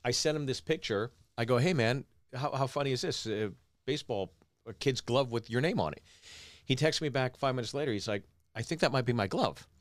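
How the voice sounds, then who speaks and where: A man's voice: medium pitch, fairly quick, no room sound, clean studio sound. A man from Pittsburgh, a comedian guest on a podcast, telling a casual story full of quoted dialogue. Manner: animated anecdote teller, lots of quoted dialogue.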